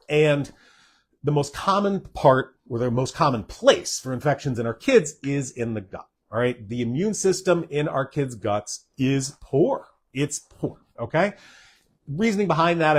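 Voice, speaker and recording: A man's voice: mid-range voice, breathy edge. A middle-aged man, a doctor hosting a live stream, talking earnestly to parents and checking in often with "okay?" and "all right?". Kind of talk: live-streamed health talk.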